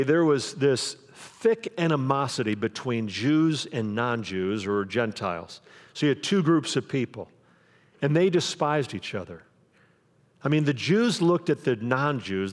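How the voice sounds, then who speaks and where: A man preaching a sermon as pastor, in a conversational way, acting out the quoted voices of the people in his stories. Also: fairly high pitch. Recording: long hall reverb.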